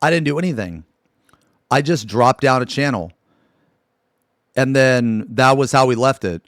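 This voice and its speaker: A man's voice: mid-range voice, animated, a little slow, no room sound, studio quality. A man streaming live, telling a story to his chat in a rambling, profane way, full of restarts and asides.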